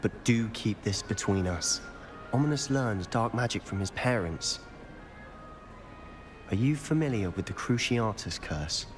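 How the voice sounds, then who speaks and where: A self-assured young wizard student in a video game, low voice, measured and confiding, quietly persuasive, speaking over a clear music bed. The delivery stays calm and secretive throughout. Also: male voice.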